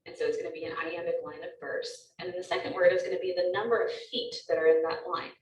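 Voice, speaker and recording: A woman's voice: lowish voice, steady tone, fast, a little mellow, reverberant, far from the mic, muffled recording, a little hiss or hum. A woman teacher giving a recorded lecture, explaining step by step with frequent ums.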